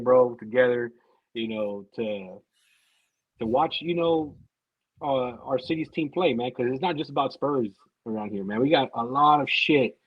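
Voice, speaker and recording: A man, a podcast guest, talks with a husky, mid-pitched voice. He rambles and swears and repeats himself. The sound is dry and a little dull. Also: dry recording. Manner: rambling, profane, repeats words. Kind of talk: casual podcast chat.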